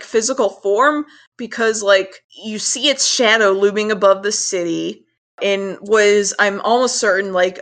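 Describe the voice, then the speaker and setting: A woman co-hosting a casual chat, recapping a cartoon episode in an animated way, swearing and acting out characters' lines. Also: mid-range voice. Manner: animated, swears, acts out lines in quick voices. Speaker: podcast co-host.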